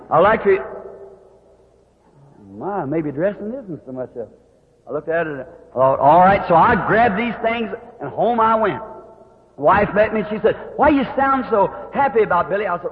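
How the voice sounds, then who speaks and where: A man preaching, telling a story in a folksy, animated way and acting out the people he quotes. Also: high voice, normal speed. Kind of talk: sermon storytelling. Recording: tinny old hall recording.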